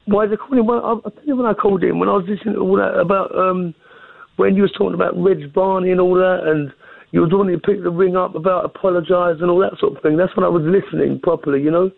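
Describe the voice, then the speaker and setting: A man, croaky-voiced, calling in to a radio show and rambling apologetically. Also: sits high, fairly even intonation, quick pace, no echo. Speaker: caller. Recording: tinny phone line.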